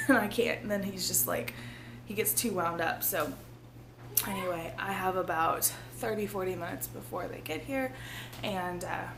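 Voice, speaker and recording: A woman, hoarse and losing her voice, talking casually and earnestly to her viewers in a rambling vlog, often laughing. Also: medium pitch, normal speed, noisy background. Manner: rambling, earnest, laughs often, drops to a near-whisper at times. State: losing her voice, feeling ill. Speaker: vlogger.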